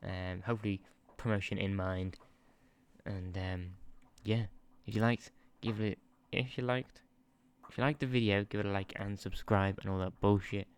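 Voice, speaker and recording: A man's voice: lowish voice, steady tone, moderate pace, clear, resonant tone. A man giving casual, chatty commentary over a football management game, easily distracted, laughing and swearing as he talks into a sensitive desk microphone. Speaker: gaming channel host.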